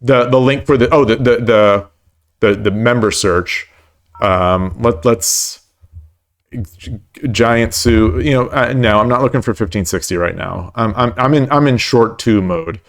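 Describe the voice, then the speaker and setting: Unhurried and mid-range, a man's voice narrates his own online shogi games on a live stream from home. He stammers, rambles, repeats words a lot, and pokes fun at himself over a run of losses.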